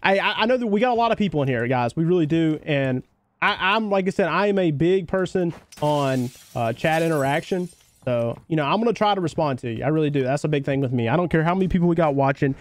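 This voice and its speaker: Fast-talking and fairly high-voiced, a young Southern-twanged guy from North Carolina streams a shooter game. He chats with his viewers constantly, gets excited easily, and reacts to the game at full volume.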